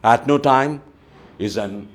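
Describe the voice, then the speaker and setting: A man teaching a grammar lesson. He explains slowly, reads example sentences aloud and often says "you know". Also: mid-range voice. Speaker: English teacher.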